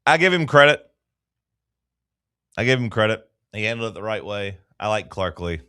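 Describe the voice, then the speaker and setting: Animated man hosting sports talk radio. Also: on the low side, normal speed, clean tone. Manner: animated, quizzing co-hosts.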